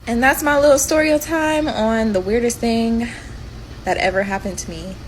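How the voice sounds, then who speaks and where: A woman casually telling a storytime, animated and acting out the voices in it. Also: a little high, normal speed, a little hiss or hum, low-quality recording. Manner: animated, quoting herself and others.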